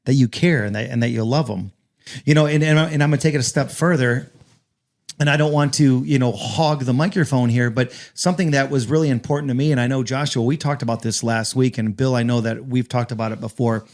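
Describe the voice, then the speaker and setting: An earnest man in a casual roundtable conversation. He talks at a middling pitch and repeats his words when a point matters to him. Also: a little mellow.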